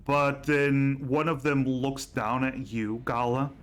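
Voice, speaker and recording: A man narrating as game master of a tabletop game on a livestream, relaxed with fillers and laughs. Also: mid-range voice, takes it slowly.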